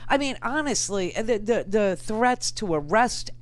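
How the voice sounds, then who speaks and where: A woman's voice: mid-range voice, expressive, measured pace, no echo. A middle-aged woman hosting political talk radio, emphatic and indignant, repeating phrases for effect. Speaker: radio talk show host.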